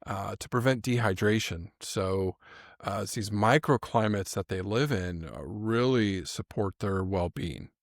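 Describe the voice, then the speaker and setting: A man co-hosting a casual animal podcast, chatty and quick to laugh, often restarting his sentences. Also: fairly low pitch, no room sound, studio quality. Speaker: podcast co-host. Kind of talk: casual chat.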